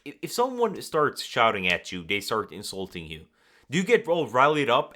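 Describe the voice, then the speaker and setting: Man, communication coach, animated delivery, wide-ranging pitch, bright tone. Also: moderate pace. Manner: animated, acts out nervous and calm examples. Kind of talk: direct-to-camera coaching talk.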